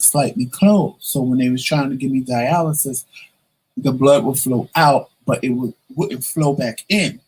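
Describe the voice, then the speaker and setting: Heard on a rough recording, a man with a mid-range, breathy voice tells his camera audience a story from his own life. The vlogger keeps things casual and lively, doing the voices of the people he quotes.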